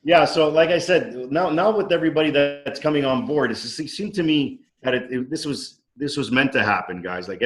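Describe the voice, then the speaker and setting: Over a video call mic, a man who co-founded a company chats from his dining room, eagerly telling a story and voicing the quoted dialogue. The pitch is medium and the tone fairly bright, though the recording is low quality.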